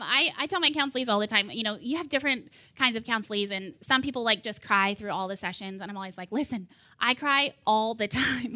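A woman's voice: medium pitch, bright, forceful tone, no room sound. A young woman giving a teaching talk on counseling, chatty and emotional, laughing at herself as she goes. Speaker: biblical counseling speaker. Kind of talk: teaching talk to a women's group.

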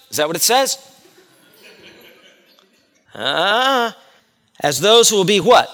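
A man's voice: fairly high pitch, animated, slow pace, long pauses, sharp tone, in a large hall. A male pastor giving an earnest expository sermon, explaining Greek words and asking his congregation questions.

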